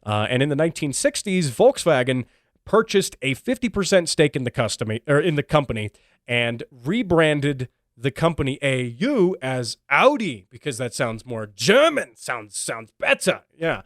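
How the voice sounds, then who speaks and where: A man's voice: medium pitch, sing-song, moderate pace, a bit bright, no echo, clean studio sound. A man hosting his own car radio show and podcast, talking casually and wryly with many ums and restarts. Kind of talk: casual solo podcast commentary.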